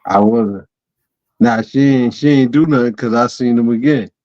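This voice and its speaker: Animated storytelling man, lo-fi sound. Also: normal speed. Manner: animated, acts out quoted voices with sudden pitch jumps. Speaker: co-host. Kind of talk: casual storytelling chat. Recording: dull lo-fi audio.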